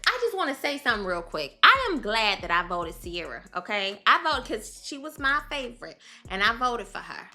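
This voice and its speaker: A woman recapping a reality dating show in a casual vlog, sassy and animated, calling the viewer "girl" as she talks. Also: fairly high pitch, moderate pace, few pauses.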